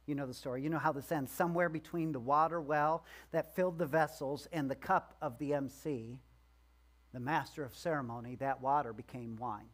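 A man's voice: medium pitch, a bit bright. A male pastor giving a conversational sermon in a church, joking and acting out the voices of the people in the story.

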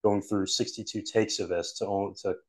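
A man's voice: lowish voice, fairly even intonation, normal speed. A man hosting a podcast interview, asking admiring questions. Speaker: podcast host.

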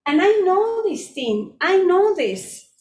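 A middle-aged woman talks in an animated, story-driven way, piling on asides as she leads a casual group discussion. Her voice sits high. The room around her rings with echo. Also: takes it slowly. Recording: echoey room.

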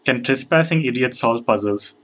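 Playing a horror game, a young man provides commentary in a medium-pitched, fairly bright voice at normal speed. This let's play commentator keeps joking, poking fun at himself, and recoiling in disgust.

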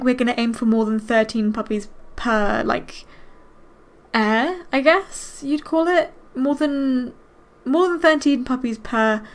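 Excitable high-voiced woman gaming host. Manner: excitable, gasps often, thinks aloud. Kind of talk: casual let's-play commentary.

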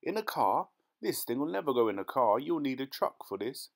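A man voicing a blunt, greedy male farmer who speaks gruffly. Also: medium pitch, moderate pace, close to an everyday voice.

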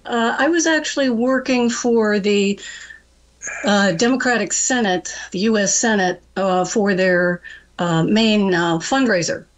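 A woman's voice: mid-range voice, a little slow. Chatty woman telling stories on air. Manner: chatty, animated storyteller, laughs often. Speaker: radio guest, trading coach. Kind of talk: phone-in storytelling on a talk show.

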